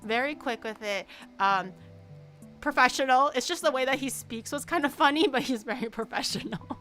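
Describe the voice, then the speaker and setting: A woman streamer chatting casually and telling stories in an animated way, laughing often. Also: high-pitched, moderate pace, faint music behind. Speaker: VTuber streamer.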